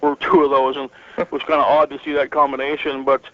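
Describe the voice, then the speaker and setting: A man's voice: mid-range voice, little pitch movement, fast talker, muffled recording. A middle-aged man from northern Michigan, a retired wrestler telling stories as an interview guest, rambling with many fillers and restarts and chuckling often. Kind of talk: relaxed storytelling interview.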